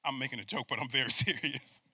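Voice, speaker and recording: A man preaching a sermon with call-and-response, swinging from loud bursts to hushed asides. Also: medium pitch, fast talker, breathy edge, no echo, clean studio sound. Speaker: pastor.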